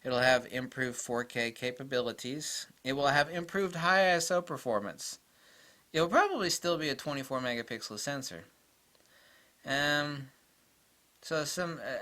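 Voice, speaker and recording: A man rambles through a casual camera vlog, opinionated and prone to digressions. His voice is very bright and forceful, at an ordinary middle pitch. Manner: opinionated, digressive, mocks imagined critics in exaggerated voices. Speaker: camera reviewer. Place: indoors with cameras on a table.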